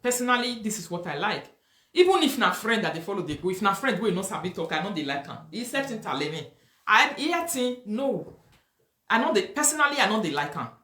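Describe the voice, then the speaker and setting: A woman's voice: medium pitch, sing-song, a little fast, a bit bright, roomy sound. A woman with a Nigerian accent hosting a live talk show. She reads viewer comments and makes emphatic, preachy points, mixing Pidgin and English and repeating herself.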